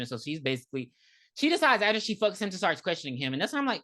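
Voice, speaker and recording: A woman co-hosting a podcast, retelling a film in casual, profane, lively chat. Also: lowish voice, very fast. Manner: animated, profane, laughing storyteller. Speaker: podcast co-host. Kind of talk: casual movie recap chat.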